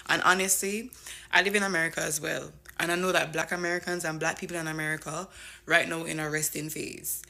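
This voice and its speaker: Woman vlogger, lower pitch, bright tone, animated casual chat. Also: fairly quick, vocal fry. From Jamaica. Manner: animated, thinks aloud, swears casually. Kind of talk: casual commentary.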